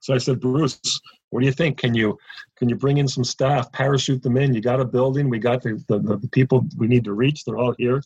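A man's voice: mid-range voice, fairly even intonation, brisk, darkish tone, slightly rough, no echo, highs cut off. A man from Canada, a ministry founder, telling a story as an interview guest and acting out the quoted dialogue.

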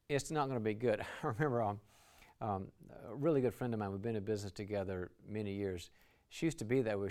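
A leadership speaker's fairly low, smooth voice carries through a lecture venue. He talks with enthusiasm about team relationships and performs short dialogues as examples.

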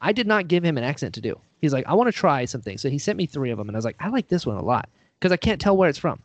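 A man's voice: a little high, big pitch swings, very fast, no echo. A man, an actor and writer being interviewed, talking casually and rambling with lots of fillers, a little self-deprecating.

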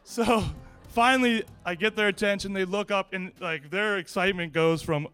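Man with a high, smooth voice, casual anecdote, lively and laughing, faint music behind. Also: brisk. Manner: lively, laughs often, many restarts. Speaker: storyteller.

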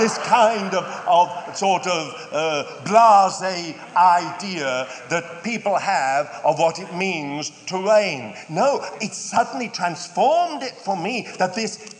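Older British man, sermon, high voice, slow unhurried delivery, long hall reverb. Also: slight background noise. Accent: British English. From United Kingdom. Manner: measured, drawn-out emphasis with wry humorous asides. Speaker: preacher.

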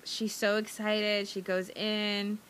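A woman's voice: medium pitch, level tone, slow, fairly bright tone, a little hiss or hum. A woman co-hosting a podcast, recapping a movie plot in rambling casual chat with lots of fillers and giggles. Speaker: podcast co-host.

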